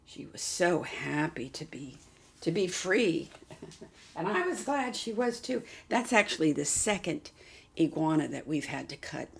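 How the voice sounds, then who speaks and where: A woman hosting a doll vlog in casual chat, cooing softly to a doll and often dropping to a half-whisper. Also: low-pitched, creaky. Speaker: doll collector and channel host.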